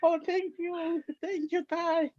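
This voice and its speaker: A woman's voice: very high voice, little pitch movement, slow pace, a little mellow, no echo, lo-fi sound. A middle-aged woman from Guinea, speaking, gives an earnest, heartfelt personal testimony on an online call. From Papua New Guinea. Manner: heartfelt and earnest, fervently religious. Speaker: team member sharing her story.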